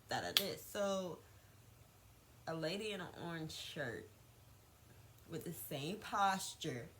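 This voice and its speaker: A young woman vlogger telling a gossipy storytime, animated and repetitive, swearing freely. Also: low-pitched, slight background noise, poor audio.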